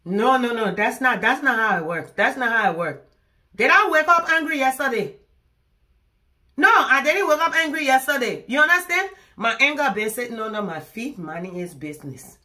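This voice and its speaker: A high, bright woman's voice scolds a partner down the phone in a comic monologue. She is indignant and keeps arguing in circles, from Liberia. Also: animated, moderate pace. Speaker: comedian.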